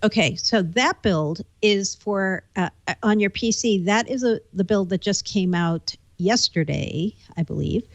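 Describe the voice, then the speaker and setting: A woman's voice: medium pitch, measured pace, hardly any pauses, no echo. Matter-of-fact woman reporting tech news. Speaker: podcast co-host, tech reporter. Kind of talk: casual tech chat.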